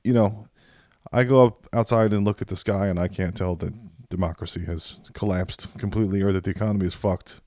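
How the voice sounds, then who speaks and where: A man's voice: low voice, fairly even intonation, a little fast, warm tone, dry recording, clean studio sound. A man co-hosting a podcast, telling crude jokes and stories in casual banter. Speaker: podcast co-host.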